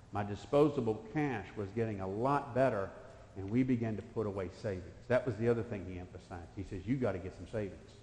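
A man's voice: fairly low pitch, a little mellow. A man in his fifties preaching a sermon in a church, telling a personal story in folksy speech that swells into emphatic bursts. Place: church sanctuary. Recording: echoey church hall.

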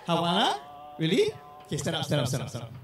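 A man hosting a crowd game on stage with lots of energy, shouting and repeating words quickly over the crowd. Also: a little high, wildly swooping pitch, far from the mic. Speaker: event host. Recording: echoey hall, heard from afar.

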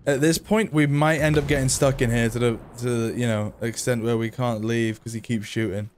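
A man's voice: medium pitch, steady tone, moderate pace, a little hiss or hum. A man giving casual gameplay commentary, chatty and self-mocking, swearing when frustrated. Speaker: gaming video creator.

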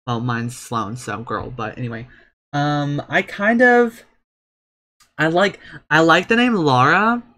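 Bright-voiced, excitable young man. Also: fairly high pitch, a little slow. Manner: excitable, with sudden gasps and squeals; chatty and profane, talking straight to viewers. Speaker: let's play creator. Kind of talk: casual gameplay commentary.

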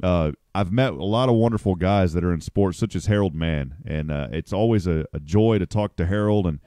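A man's voice: sits low, fairly quick, mellow, dry recording, studio quality. A man hosting a casual morning radio show, chatty and upbeat, greeting listeners by name.

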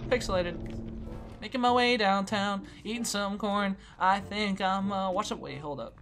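Narrating her own game in a relaxed way, this woman teases her opponents playfully and swings between soft muttering and loud squealing. She's a gaming YouTuber with a mid-range voice.

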